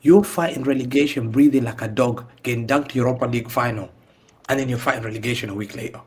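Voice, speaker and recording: A man trading heated football banter, his mockery full of taunts he repeats again and again. His voice sits at an ordinary male pitch. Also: fast. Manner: mocking, repetitive taunting. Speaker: panelist.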